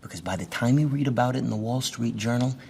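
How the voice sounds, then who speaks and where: A man's voice: mid-range voice, fast talker, gravelly, darkish tone, a little hiss or hum. A man speaking confidently and knowingly in a film clip.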